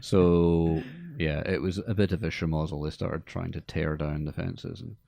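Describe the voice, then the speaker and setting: A man's voice: low voice, level tone, unhurried, gravelly, mellow, no room sound. A man hosting a radio show, chatting casually and joking about films. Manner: joking, puts on silly voices in anecdotes. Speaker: radio host. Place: radio studio.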